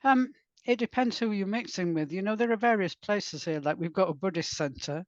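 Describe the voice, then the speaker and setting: Soft-spoken woman, dull dry sound. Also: medium pitch, no echo. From Wales. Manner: soft, unhurried, lyrical reading. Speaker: guest author and poet. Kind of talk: podcast interview with poetry reading.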